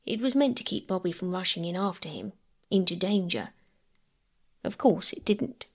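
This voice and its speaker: A woman storyteller reading a classic children's novel aloud as a calm bedtime story. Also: on the low side, moderate pace.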